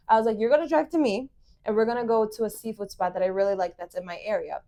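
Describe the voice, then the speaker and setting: A young woman tells a dating story at a quick clip in a casual podcast chat. Her voice sits a little high, and she acts out each person's lines with lively energy. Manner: animated, quotes people in lively voices. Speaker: podcast co-host.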